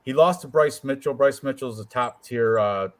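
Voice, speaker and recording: Guy joking around while going over his fight picks, pretty animated. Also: medium pitch, normal speed. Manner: joking, animated, puts on quoted voices. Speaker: co-host picking fights. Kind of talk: casual chat.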